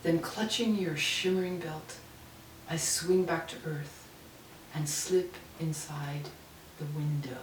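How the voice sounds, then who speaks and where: Woman poet, dramatic reading, lowish voice, echoey home room, mic set back. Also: steady tone, slow pace, a little hiss or hum. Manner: dramatic, dynamic reading, drops to near whispers. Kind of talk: poetry reading. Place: her home. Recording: roomy, distant home recording.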